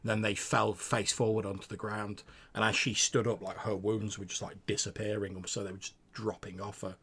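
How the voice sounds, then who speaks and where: A man's voice: on the low side, level tone, moderate pace, fairly bright tone, slightly rough. A man narrating as game master, describing scenes with frequent stammered restarts.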